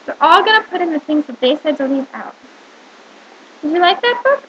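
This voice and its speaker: Very high, lively woman reading to children. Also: brisk, lo-fi sound, a little hiss or hum. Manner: animated storytelling with questions to the listener. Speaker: teacher. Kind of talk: reading a picture book aloud to young children.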